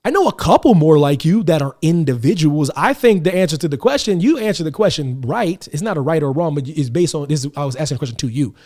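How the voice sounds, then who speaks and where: A man hosting a podcast, chatting casually and telling animated stories with acted-out quotes. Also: on the high side, fast, few pauses. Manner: animated storytelling, acts out quotes. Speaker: podcast host.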